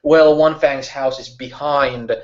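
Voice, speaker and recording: A man's voice: mid-range voice, steady tone, slow. A man narrating a tabletop role-playing game as game master, rambling and full of fillers. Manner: rambling, filler-heavy, with frequent uh and like. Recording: muffled lo-fi recording.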